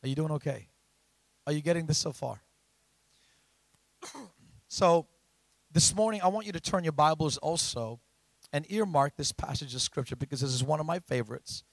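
High gravelly preaching man. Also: moderate pace, long pauses, dry recording. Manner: preaching with rising shouts, asking the congregation questions. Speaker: pastor. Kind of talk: sermon.

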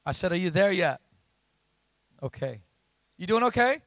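A man preaching a sermon, often asking the congregation questions and rising to loud emphatic lines. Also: high voice, sing-song, a little slow, dry recording. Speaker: pastor.

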